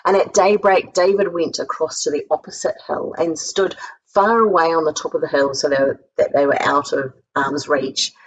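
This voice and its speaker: A woman with a New Zealand accent preaches a sermon in a low voice with a gravelly edge. She tells the story with energy and raises her voice to act out each quoted line. A faint hiss sits under the recording. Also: low-quality recording. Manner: lively storytelling, acting out quoted lines with a raised voice. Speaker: guest speaker. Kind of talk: sermon retelling a Bible story. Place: home recording for an online church service.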